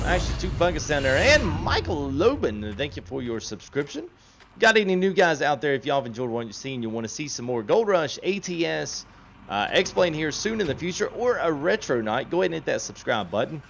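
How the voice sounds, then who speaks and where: Man hosting a game stream, lively up-and-down voice, game noise behind him. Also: fairly high pitch, a little fast, creaky. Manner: chatty, laughs often, reads chat aloud. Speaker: gaming livestream host. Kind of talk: casual livestream chat.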